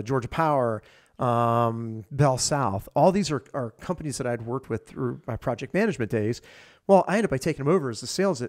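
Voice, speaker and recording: A man's voice: mid-range voice, darkish tone. A man in his fifties, a podcast guest, telling his career story in a rambling, casual way with many fillers and restarts.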